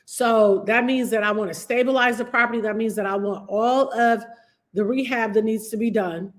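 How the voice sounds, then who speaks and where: A woman with a somewhat high voice teaches real estate investing on a live stream, keeping a steady tone and moderate pace. She is emphatic and repetitive, repeating key phrases and calling on viewers by name.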